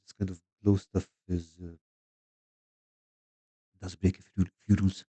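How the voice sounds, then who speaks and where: A man giving a casual painting tutorial, soft-spoken and often trailing off quietly mid-thought. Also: low voice, flat delivery, a little slow, slightly rough, no echo. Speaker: miniature painter.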